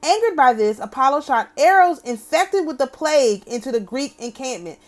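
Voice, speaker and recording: A woman with a somewhat high voice reads a passage aloud on her astrology channel. She stops often to add wry, opinionated remarks and checks in with "okay?" before going back to the text. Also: expressive, moderate pace. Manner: breaks off often to comment, asking "okay?". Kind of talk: reading a text aloud with commentary.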